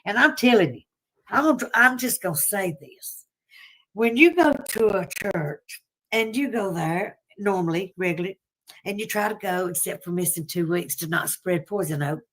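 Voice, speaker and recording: A woman's voice: mid-range voice, moderate pace, fairly bright tone. A woman with a Southern US accent hosting a casual livestream, chatty and folksy, often laughing between thoughts. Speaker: livestream host.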